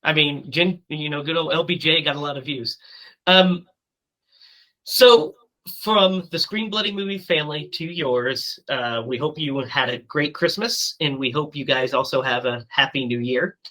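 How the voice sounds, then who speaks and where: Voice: medium pitch, normal speed, bright, forceful tone, rough recording. A podcast host on a remote call wrapping up the season in casual chat, with plenty of fillers. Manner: loose, filler-heavy wrap-up talk. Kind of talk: casual show sign-off. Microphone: remote call mic.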